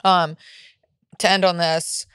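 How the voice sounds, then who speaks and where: A woman's voice: fairly low pitch, little pitch movement, takes it slowly, fairly bright tone, smooth, no room sound. A woman co-hosting a podcast, chatting casually in a rambling, profane way on a close mic. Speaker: podcast co-host. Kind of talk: casual chat.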